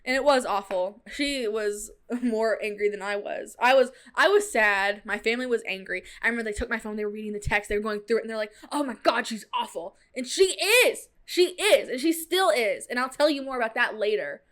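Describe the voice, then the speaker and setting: A young woman with a lilt tells a story from her own life in loose, chatty podcast talk, full of "like" and "dude." Her voice sits a bit higher than most women's. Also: a little fast, hardly any pauses. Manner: chatty, animated retelling with fillers like "like" and "dude". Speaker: podcast host. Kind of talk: casual storytelling.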